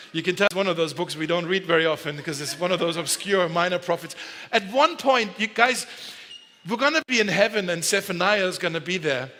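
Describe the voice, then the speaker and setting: Guy pastor preaching, kinda high and bright, jokey and chatty, big echoey church hall. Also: a little hiss or hum. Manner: conversational and joking, with self-corrections. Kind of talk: sermon. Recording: long hall reverb.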